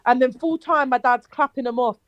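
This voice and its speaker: Animated London woman, high-pitched. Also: brisk, no echo, muffled recording. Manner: animated, swearing, self-interrupting. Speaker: panel guest. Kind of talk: casual football chat.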